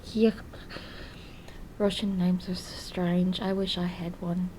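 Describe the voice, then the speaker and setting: A young woman playing an earnest, lonely diarist in a video diary, speaking hesitantly and softly, often slipping into whispers. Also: on the low side, flat delivery, takes it slowly, slight background noise, low-quality recording. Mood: confiding. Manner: hesitant and soft-spoken, drifting into whispers. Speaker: diary vlogger character. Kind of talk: in-character diary vlog.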